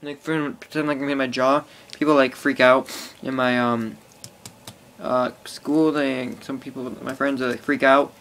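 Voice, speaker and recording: A man's voice: medium pitch, little pitch movement, moderate pace, a bit bright, slight background noise. A teenage boy rambling casually to an iPod camera, full of fillers and swearing. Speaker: vlogger. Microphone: phone or iPod held close.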